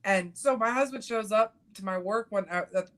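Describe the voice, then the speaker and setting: A woman's voice: medium pitch, normal speed, fairly bright tone. Blunt, cussing middle-aged woman host. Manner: blunt, swears freely, acts out quotes. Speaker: podcast host. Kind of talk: casual chat.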